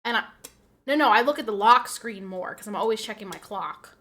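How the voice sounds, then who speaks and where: A woman's voice: medium pitch, lively intonation, fairly quick, bright, forceful tone. A woman streamer chatting casually with her viewers, rambling and laughing often as she reads and answers chat.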